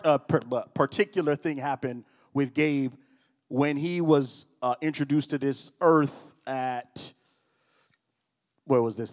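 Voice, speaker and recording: A middle-aged man preaching a casual sermon, telling personal stories with teasing asides to the crowd. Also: medium pitch. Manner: conversational, storytelling, teasing asides. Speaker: pastor. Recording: long hall reverb.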